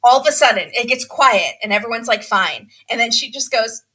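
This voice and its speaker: A woman hosts a casual podcast chat, telling a story with animation and acting out quotes. Her voice is bright and sits a touch high. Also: fairly quick, husky. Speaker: podcast host. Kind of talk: casual chat, recapping a reality show.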